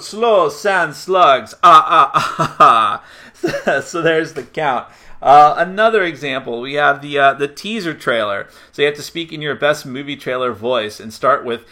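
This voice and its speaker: This time the same reviewer's sharp voice sits on the high side while he walks through a party game's rules. Talkative and quick to poke fun at himself, he chuckles whenever he trips up.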